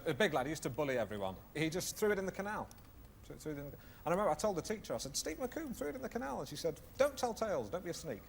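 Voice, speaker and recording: Alan Partridge, a fumbling vain host. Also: male voice, a little high, very animated, racing, gravelly. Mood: aggrieved. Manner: pompous, fumbling, easily wounded. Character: vain awkward middle-aged male chat show host. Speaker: talk show host. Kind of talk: 1990s TV comedy chat show. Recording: noisy TV clip with studio audience laughter.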